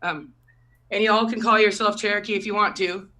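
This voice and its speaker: A woman's voice: mid-range voice, fairly even intonation, normal speed, sharp tone, far from the mic. A woman doing a loose stand-up set over a video call, swearing and laughing at her own jokes. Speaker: stand-up comic.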